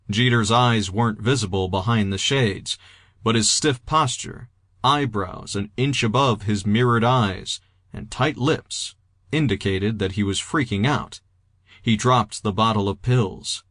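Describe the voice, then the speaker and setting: A man's voice: fairly low pitch, unhurried, a bit bright, dry recording. Man narrating an audiobook in a dry studio. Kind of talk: scripted narration.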